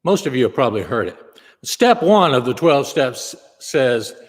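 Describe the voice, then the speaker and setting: A man's voice: mid-range voice, very animated, moderate pace, big-room sound. A male pastor preaching a sermon, telling stories and acting out the quotes he tells. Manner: storytelling, acts out quotes. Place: church sanctuary.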